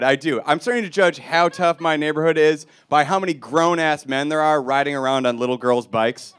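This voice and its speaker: A young man from Milwaukee doing a stand-up comedy set on a club stage, deadpan and self-mocking, punching up the jokes. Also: on the high side, brisk, hardly any pauses, clear, resonant tone.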